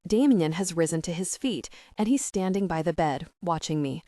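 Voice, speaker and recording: A woman narrating a first-person romance audiobook in a steady, even reading voice. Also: on the low side, normal speed, no room sound, studio quality.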